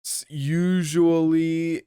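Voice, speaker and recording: A man's voice: a little high, level tone, drawn-out words, mellow, clear, resonant tone, no room sound. Rambling young man podcast co-host. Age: young adult. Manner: rambling, trails off and restarts. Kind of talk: casual chat.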